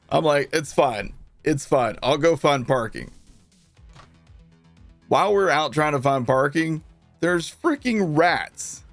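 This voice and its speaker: A man's voice: a little high, unhurried, creaky, long pauses, no room sound, faint music behind. A man streaming a game, casually telling his chat a long story, laughing and acting out what people said. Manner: animated, laughing, acts out quotes.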